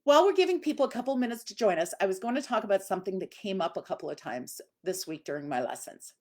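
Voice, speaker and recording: Middle-aged woman dog trainer, casual live-stream talk, chatty with ums, average pitch. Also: animated, quick pace, darkish tone. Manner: chatty, conversational, many fillers.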